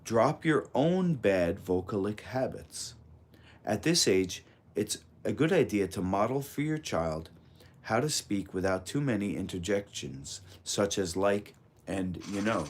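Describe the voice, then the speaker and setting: A man with a fairly low voice reads a parenting book aloud. His delivery is calm, measured and instructive, in the steady manner of scripted audiobook narration.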